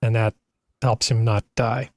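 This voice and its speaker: A man's voice: medium pitch, little pitch movement, unhurried, dry recording. A man on a podcast panel, chatting in a dry, sardonic way. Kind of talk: casual chat.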